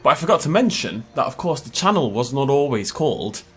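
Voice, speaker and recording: A man's voice: medium pitch, very animated, brisk, a bit bright, faint music behind. A man giving casual gameplay commentary as a YouTuber, chatty and joking, laughing often. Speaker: gaming YouTuber.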